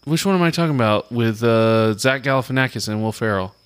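A man chatting casually among friends, animated and laughing, retelling movie scenes. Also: fairly quick, clear, resonant tone. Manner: animated, laughing, breaks into high put-on voices for quotes. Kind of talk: casual chat.

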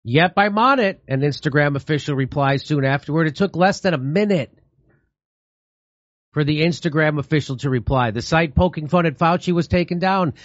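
A man hosting a commentary show reads news stories aloud and drops sarcastic asides between the lines. His voice sits a little high, and the sound is dry and a touch dull. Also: fairly quick, no room sound. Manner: sarcastic asides while reading. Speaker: show host. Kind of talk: casual commentary reading news.

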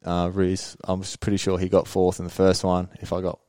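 A young man telling motocross race stories in a relaxed, rambling way, laughing now and then as a podcast guest. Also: deep voice, brisk, clear, resonant tone, no echo. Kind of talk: casual interview storytelling.

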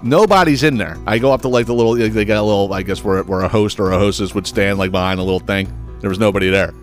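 A man from the United States hosting a podcast, telling a comedic story in a profane, animated way with stammering restarts. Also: fairly low pitch, fast talker, faint music behind. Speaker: podcast host.

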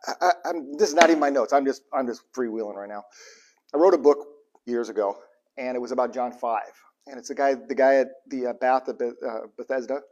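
A man preaching a sermon in a casual, joking style, swinging between loud emphatic bursts and quiet low asides. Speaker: pastor.

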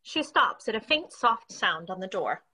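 A woman reading stage directions in a plain, even narration. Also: medium pitch, normal speed, slightly rough. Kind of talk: scripted narration.

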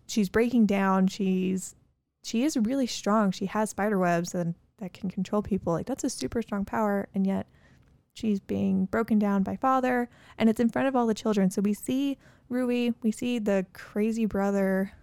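Gravelly-voiced woman with dry close sound. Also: medium pitch, fairly even intonation, normal speed, mellow, no room sound. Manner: earnest, adds commentary and brief agreeing backchannels. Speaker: podcast co-host. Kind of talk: casual episode recap chat.

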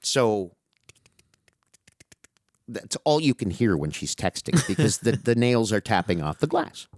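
Middle-aged guy, lowish voice, dry close mic, animated profane storyteller. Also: measured pace, no room sound. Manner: animated, profane, calls listener dude. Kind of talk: casual storytelling chat.

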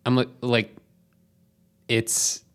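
A man's voice: mid-range voice, monotone, drawn-out words, fairly bright tone. A man talks through a movie on a casual podcast, rambling and hesitant. He circles his points with fillers and restarts. His voice sits in an everyday middle range. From Canada. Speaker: podcast co-host.

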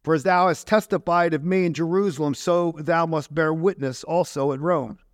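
A man's voice: on the high side, fairly even intonation, normal speed, dry recording, studio quality. A man pastor preaching a conversational sermon, full of rhetorical questions and asides to the congregation.

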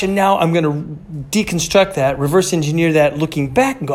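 Man, 50s, slightly high-pitched, casual rambling podcast host. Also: expressive, fairly quick. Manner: rambling, conversational, many fillers and restarts. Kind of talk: casual motivational monologue.

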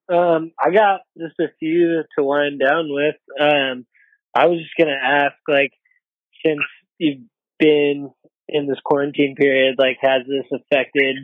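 A man's voice: medium pitch, no room sound, narrow, tinny audio. Easygoing guy cohosting, lots of ums, sounds like over the phone. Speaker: podcast co-host. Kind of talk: casual interview.

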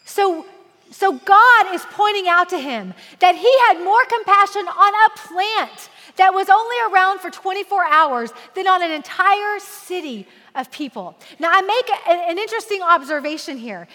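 A woman in her forties preaching a sermon, lively and joking, slowing down to read scripture aloud solemnly. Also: extremely high pitch, long reverb tail. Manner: animated and humorous, slow solemn scripture reading. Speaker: women's ministry speaker.

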